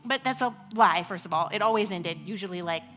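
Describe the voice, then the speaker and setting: A woman in her thirties preaching a sermon in a conversational, animated way, often dropping to a hush. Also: medium pitch, a little fast, faint music behind. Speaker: pastor.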